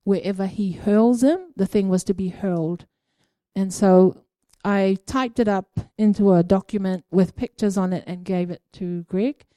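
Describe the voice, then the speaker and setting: A woman speaking at church shares her prophetic experiences in an informal teaching, loose and halting, with lots of ums and tag questions. Her mid-range voice is mellow and warm, captured in a dry, close recording.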